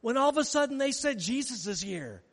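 This pastor's high voice swings widely in pitch, fairly quick and fairly bright, as he delivers a sermon whose long reverb fills a large hall. He animates the story by acting out its scenes.

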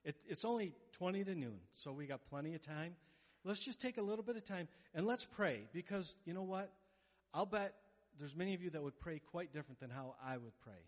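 A man preaching a sermon as pastor, animated and playful, acting out the voices of worried people. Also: a little high, fairly quick. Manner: animated, acts out quoted voices, jokes. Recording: long hall reverb.

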